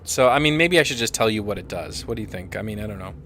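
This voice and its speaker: A man's voice: on the low side, lively intonation, quick pace, a bit bright, slight background noise. A man narrating as game master of a tabletop game, easygoing and prone to trailing off.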